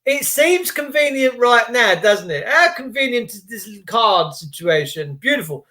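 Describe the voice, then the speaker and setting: High-voiced animated man ranting. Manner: animated, acts out scenes in quick voices; slangy, swears, rhetorical questions. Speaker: video host. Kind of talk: casual ranting monologue.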